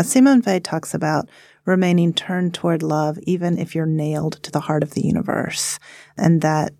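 A woman professor talking as a podcast guest, speaking in a calm, measured, thoughtful way. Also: low-pitched, vocal fry, dry recording. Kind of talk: casual reflective discussion.

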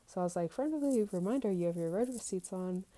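Mellow-voiced woman venting on a podcast. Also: fairly low pitch, fairly even intonation, fast, poor audio. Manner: candid and profane, reading out her text messages. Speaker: podcaster recording a personal diary episode. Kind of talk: casual confessional monologue.

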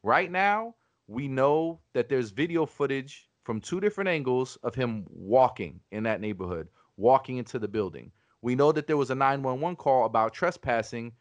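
A man of middle pitch making his case on a casual podcast, forceful and argumentative, with lots of restarts and swearing. His voice sounds close and dry, with almost no room around it. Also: lively intonation, normal speed, no echo. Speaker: podcast host.

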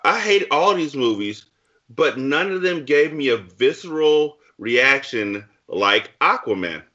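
Blunt, ranting man with a bright voice. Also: medium pitch, lively intonation, a little slow, muffled recording. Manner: blunt, profane, emphatic ranting. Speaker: podcast co-host. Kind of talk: casual movie review chat.

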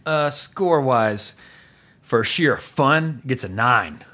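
A man's voice: mid-range voice, expressive, slow pace, pushed and bright. A man hosting a casual movie podcast, rambling and enthusiastic, with frequent laughs and fillers. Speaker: podcast host.

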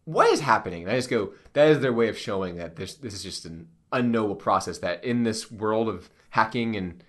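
A man co-hosting a casual talk show about a film and faith. He talks in an animated way, with many restarts and laughs between thoughts. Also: on the low side, fairly quick. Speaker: podcast co-host.

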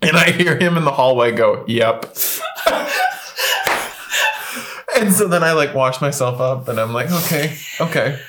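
A young man, a podcast guest, telling a long comic story in casual chat, animated and often laughing. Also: medium pitch, unhurried, long pauses, heavy background noise. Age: young adult.

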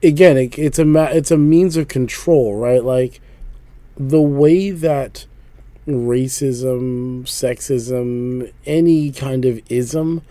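男声，语速随意，常笑着讲故事. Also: male voice, medium pitch, slow pace, warm tone, dry recording. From Philadelphia. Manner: laughs often, storytelling, repeats "like". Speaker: podcast co-host. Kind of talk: casual podcast chat.

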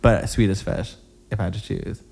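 A man's voice: on the low side, fairly even intonation, moderate pace, creaky, a little mellow, slightly rough, soft background music. A young man co-hosting a podcast in casual chat, full of "like" fillers and offhand swearing. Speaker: podcast co-host.

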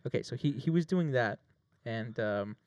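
A man's voice: medium pitch, moderate pace, dry recording, dull audio. A man telling a long story with jokes and swearing, playing a plaintiff in a mock trial. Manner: animated, swearing, jokey. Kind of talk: casual mock courtroom storytelling.

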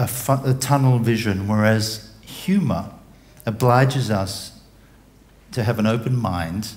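Brief: male motivational speaker, unhurried, measured delivery. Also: mid-range voice. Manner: deliberate, measured, with pauses to find words. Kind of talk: motivational talk.

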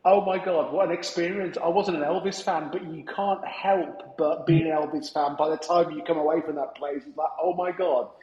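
A man's voice: on the high side, fairly even intonation, fairly quick, hardly any pauses, darkish tone, roomy sound, highs cut off. A man hosting a business podcast, chatting casually and cheering on his guest. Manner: enthusiastic, affirming interjections. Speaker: podcast host. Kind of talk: casual interview chat.

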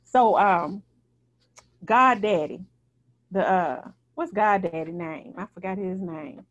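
A woman's voice: mid-range voice, slow pace, lo-fi sound. A woman in casual chat who tells stories expressively. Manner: expressive, lively storytelling.

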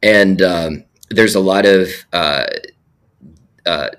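A man's voice: deep voice, takes it slowly, a bit bright. A man who is a film producer, talking in casual conversation with many restarts and fillers while sick with a cold.

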